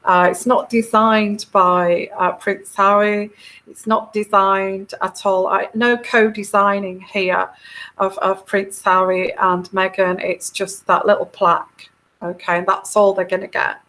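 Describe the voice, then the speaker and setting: A woman's voice: mid-range voice, little pitch movement, measured pace, fairly bright tone. A middle-aged woman, talking casually as a tarot reader, chatty and giggly, with many fillers and restarts. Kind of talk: casual monologue.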